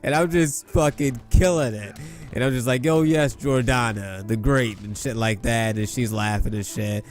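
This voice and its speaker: Young male gamer-storyteller, mid-pitch, boastful and profane, low music bed. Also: normal speed, darkish tone. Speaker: gaming YouTuber. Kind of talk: casual storytelling over gameplay. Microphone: gaming mic at a desk.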